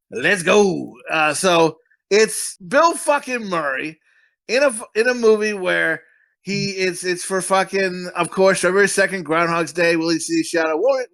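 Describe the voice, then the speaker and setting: A man's voice: sits high, fairly bright tone, dry recording. A man hosting a casual movie-review podcast, rambling, swearing freely and laughing often. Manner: profane, rambling and quick to laugh. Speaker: podcast host.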